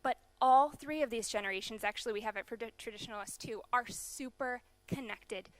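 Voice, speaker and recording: A young woman from the USA giving a conference keynote, explaining data in a brisk manner with some fillers. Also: on the high side, dry recording. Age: young adult. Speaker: keynote speaker. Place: large conference hall.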